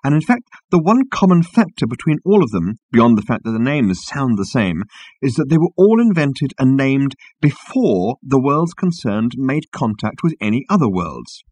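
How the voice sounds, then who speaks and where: A man narrating a story in a wry, lively manner. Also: medium pitch, normal speed, slightly rough, no room sound. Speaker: audiobook narrator. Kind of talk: scripted narration.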